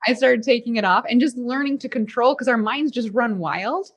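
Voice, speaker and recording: A woman's voice: on the high side, normal speed, highs cut off. A woman hosting a podcast, chatting casually and animatedly, laughing often. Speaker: podcast host. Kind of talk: casual conversation.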